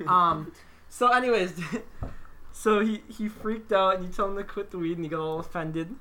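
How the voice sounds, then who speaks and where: A young woman hosts a loose, casual podcast, giggling as she tells stories and slips into quoted voices. Her tone is bright and forward, set a little lower than most women's. She chats easily with her co-hosts. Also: normal speed. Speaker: podcast host.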